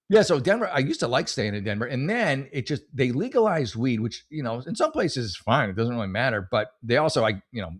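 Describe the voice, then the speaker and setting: A man's voice: medium pitch, a bit bright. A middle-aged man hosting a comedy podcast, telling rambling stories with lots of cursing and restarts. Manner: rambling, swearing, storytelling with many restarts. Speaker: podcast host. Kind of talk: casual comedic monologue.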